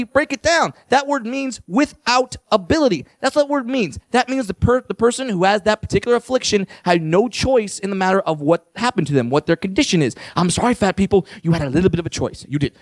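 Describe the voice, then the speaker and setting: A man from California works a comedy stage with a high-pitched, gravelly voice. He is brash and profane, firing punchy, insistent lines. The sound is close and dry. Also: no echo. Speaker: stand-up comedian. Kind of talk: stand-up routine.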